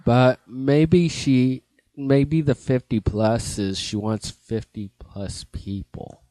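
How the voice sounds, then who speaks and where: A young man co-hosting a comedy podcast, laid-back and deadpan with short replies. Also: medium pitch, takes it slowly, no room sound. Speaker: podcast co-host. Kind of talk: casual comedic chat.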